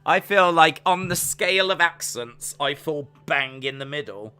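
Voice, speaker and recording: A man's voice: a little high, expressive, measured pace, pushed and bright, smooth, no echo, soft background music. A man with an English accent casually chatting on a live stream, reading out viewer comments in a rambling, self-deprecating way. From England. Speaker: wrestling watch-along streamer.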